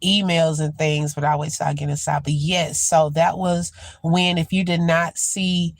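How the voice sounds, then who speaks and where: A woman hosting a casual live commentary, talking to viewers in an unhurried, chatty way and calling them y'all and child. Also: low voice, flat delivery, gravelly, no echo. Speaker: host reacting to news.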